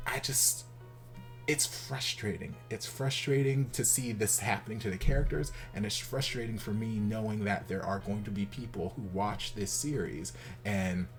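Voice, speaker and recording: Exasperated male reaction host, animated. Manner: animated and exasperated, swinging from loud outbursts to low muttering. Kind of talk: casual reaction commentary.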